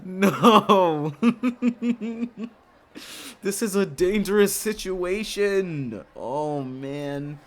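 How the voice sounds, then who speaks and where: A young man streaming a visual novel, chatting casually with excitable, shrieking reactions and frequent laughter. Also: high-pitched, drawn-out words, pauses often. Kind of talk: casual gaming stream commentary.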